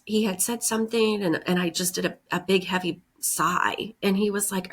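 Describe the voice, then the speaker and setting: Speaking at a normal speed with few pauses, a podcast host gives a reflective self-help talk in a mid-range, breathy voice. She has a head cold, so she sounds congested, breathes audibly, and sighs heavily. Her manner is earnest and encouraging, with frequent "right?" and "like."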